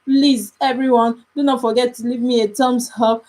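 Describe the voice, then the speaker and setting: A woman's voice: a little high, steady tone, moderate pace, darkish tone, poor audio. A young woman with a Nigerian English accent, chatting casually on a live stream as a mother, emphatic and repetitive, often pleading.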